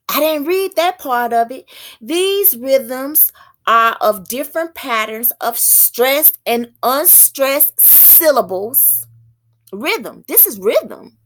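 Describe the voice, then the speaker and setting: A woman teaching as a self-styled prophetess, thinking aloud in a halting way and stopping to read passages out. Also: sits high, lively intonation, a bit bright. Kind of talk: slow spoken teaching.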